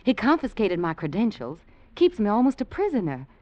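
A practical, scheming young woman from Virginia, pressing her case with urgent persuasion. Her pitch rises and falls in lively swings, and her voice comes through dull, lo-fi old film sound. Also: fairly quick, no echo. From Virginia, United States. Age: young adult.

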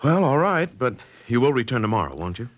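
An actor playing an anxious, eager young painter in a 1940s radio drama, full of worried questions. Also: male voice, mid-range voice, very animated, brisk, lo-fi sound.

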